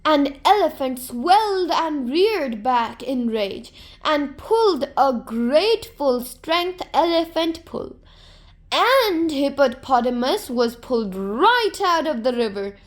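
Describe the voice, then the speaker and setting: A woman narrating a folktale to children in a gentle, expressive storybook manner. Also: high-pitched, slow.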